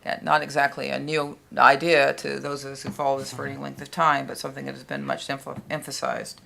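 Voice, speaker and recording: Gravelly, bright-voiced woman panelist. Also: a bass voice, monotone, brisk. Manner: hesitant, many fillers. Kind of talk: policy panel remarks.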